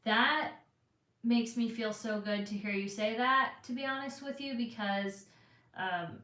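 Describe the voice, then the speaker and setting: A woman's voice: on the high side, measured pace, bright, forceful tone. A young woman with a Southern Californian accent, chatting casually on a live stream and answering viewers, rambling with lots of fillers. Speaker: vlogger answering live chat. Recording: echoey room.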